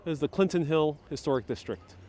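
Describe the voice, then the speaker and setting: A man's voice: fairly high pitch, lively intonation, quick pace, darkish tone, a little hiss or hum. Chatty New York man streaming a street tour. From New York City. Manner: chatty, playful, answers viewers directly. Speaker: vlogger, live-stream tour guide. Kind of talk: casual live-stream walking tour, reading chat comments. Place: city streets outdoors. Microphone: wireless clip-on mic.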